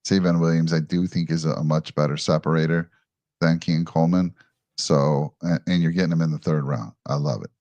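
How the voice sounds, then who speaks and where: A man with a very deep voice hosts a casual football chat and keeps it upbeat. He moves the talk along and reads out viewer questions. The sound is dry, with no room echo. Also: steady tone, brisk, darkish tone, dull audio. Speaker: host.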